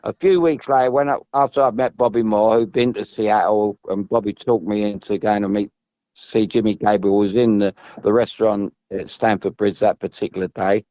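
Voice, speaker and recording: A man's voice: on the low side, fairly even intonation, a little fast, warm tone, no room sound, muffled recording. A man, a former footballer telling long, meandering stories as a podcast guest, restarting and repeating himself. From England. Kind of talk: rambling storytelling.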